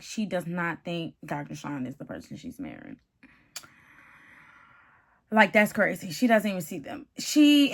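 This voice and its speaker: A woman giving a casual, animated reality-TV recap, chatty and calling the viewer "honey" and "baby". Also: on the low side, creaky. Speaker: TV show reviewer.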